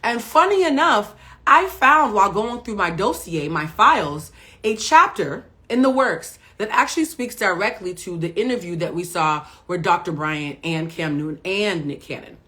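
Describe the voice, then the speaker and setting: A woman's voice: medium pitch, expressive, normal speed, bright, forceful tone. A middle-aged woman coaching viewers on a live stream, blunt and profane, firing rhetorical questions like a preacher. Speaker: emotional intelligence coach.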